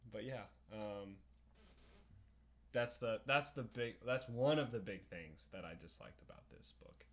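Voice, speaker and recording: Low-voiced man rambling through a book chat. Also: lively intonation, highs cut off. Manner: rambling, profane, quick to laugh. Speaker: podcast co-host. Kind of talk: casual book-discussion chat.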